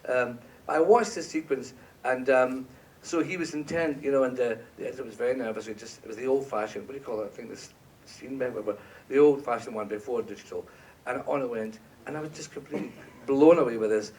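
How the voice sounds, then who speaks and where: A man, a composer guest on a panel, telling an animated story on stage, laughing and acting out quotes. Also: medium pitch, a little fast, recorded from a distance, slight background noise. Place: stage at an awards event.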